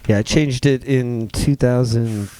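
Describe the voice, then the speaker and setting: A man's voice: medium pitch, a little slow, dark tone, a little hiss or hum. A young man co-hosting a podcast, talking casually and at length, full of "like" fillers and swearing. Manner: rambling, heavy on "like", swears. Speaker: podcast co-host, rapper. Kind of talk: casual chat.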